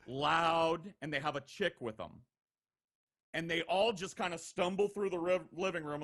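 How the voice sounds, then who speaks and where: A man's voice: a little high, normal speed. A young man telling rowdy stories on a podcast in a casual, profane way, acting out the voices of the people in them. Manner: animated, profane, acts out quoted voices. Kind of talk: casual storytelling.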